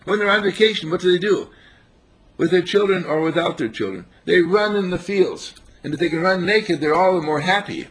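A man giving an informal sermon on a spiritual path, telling stories with animated chuckles. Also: a little high, slightly rough. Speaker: spiritual teacher.

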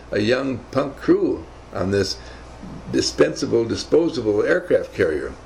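A man's voice: mid-range voice, gravelly, a little mellow, a little hiss or hum, low-quality recording. An older man telling rambling, emphatic stories from his navy days in a motivational talk. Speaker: speaker recounting navy service.

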